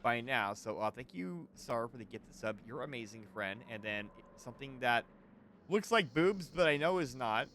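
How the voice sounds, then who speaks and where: A man's voice: mid-range voice, expressive, moderate pace, a bit bright, slight background noise. A man hosting a game stream, chatting playfully with a co-host and reading chat aloud.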